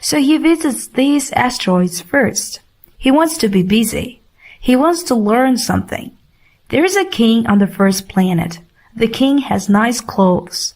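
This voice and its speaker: A woman reading a storybook audiobook aloud for learners in a clear, measured way. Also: fairly high pitch, sing-song, darkish tone. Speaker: audiobook reader. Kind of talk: slow storybook narration for learners.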